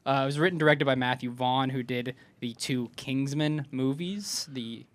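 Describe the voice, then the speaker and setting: A man's voice: medium pitch, moderate pace. A man co-hosting a casual podcast, talking through a movie review. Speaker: podcast co-host.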